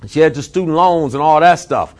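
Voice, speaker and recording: Emphatic preacher man, high-pitched. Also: darkish tone. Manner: emphatic, repeats phrases, stretches key words slowly. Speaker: pastor. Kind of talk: sermon.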